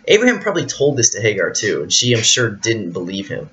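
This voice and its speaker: A man with a fairly low voice reads a Bible passage and then talks it through in a loose, rambling way, leaning on fillers as he thinks aloud. The recording sounds dull and lo-fi. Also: wildly swooping pitch, quick pace, hardly any pauses, fairly bright tone, a little hiss or hum. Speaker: Bible study teacher. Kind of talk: reading scripture then casual explanation.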